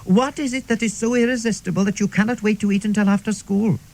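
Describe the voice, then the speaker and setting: A man doing a shrill strict schoolmistress. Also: steady tone, a little mellow. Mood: stern. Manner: prim and clipped, quickly shrieking. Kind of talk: radio comedy monologue.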